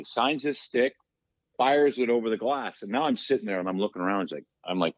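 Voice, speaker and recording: A man with a fairly low voice tells stories in a loose, conversational way. He jumps into the voices of the people in his anecdotes. The sound is dry and a little dull, with no room echo. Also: brisk. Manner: animated storyteller, acts out quotes. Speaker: podcast guest, former hockey player. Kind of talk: casual storytelling.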